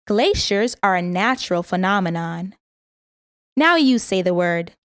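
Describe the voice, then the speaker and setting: A woman reading a vocabulary lesson, saying each word, its part of speech, its meaning and an example sentence, and pausing for the listener to repeat it. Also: lowish voice, animated, clean tone, no room sound, clean studio sound. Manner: slow, careful word-by-word pronunciation. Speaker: vocabulary teacher.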